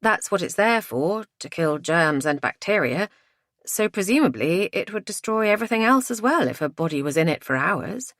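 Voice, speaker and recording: A woman's voice: medium pitch, lively intonation, normal speed, a bit bright, dry recording, studio quality. A woman voicing an anxious, urgent woman on holiday in an audiobook thriller.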